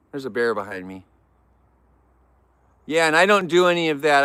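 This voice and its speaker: A man's voice: on the high side, big pitch swings, normal speed, pauses often, sharp tone, clean tone, no room sound. A middle-aged man chatting casually on an outdoor live stream, repeating himself for emphasis. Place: outdoors near a barn.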